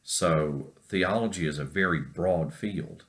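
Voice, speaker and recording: A man from North Carolina, a professor giving a recorded class lecture, telling an unhurried story with many fillers. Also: deep voice, a bit bright.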